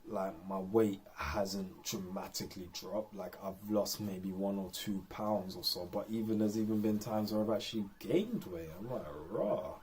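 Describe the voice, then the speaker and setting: A man's voice: lowish voice, fairly even intonation, normal speed, hardly any pauses, darkish tone, slight background noise. A man talking candidly and in a rambling way in an unscripted personal vlog. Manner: rambling and candid, lots of fillers. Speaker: vlogger.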